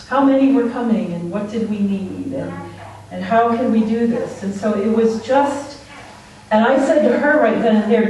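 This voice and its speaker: A woman's voice: on the high side, normal speed, a little hiss or hum. A woman giving a conversational sermon at a church, telling stories and laughing often. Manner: storytelling, animated, laughs often. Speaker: speaker at a church service. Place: church sanctuary. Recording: distant mic in an echoey room.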